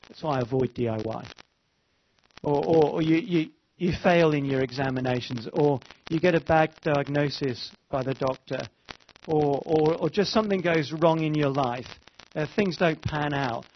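A man preaching a sermon, rising to fervent pleas and dropping to hushed tones. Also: on the high side, moderate pace, muffled recording, slight background noise. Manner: impassioned, rises to fervent pleas then drops to hushed tones.

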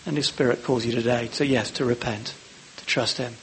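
A man preaching a sermon, acting out the lines of the Bible characters with lively emphasis. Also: mid-range voice, brisk, slight background noise.

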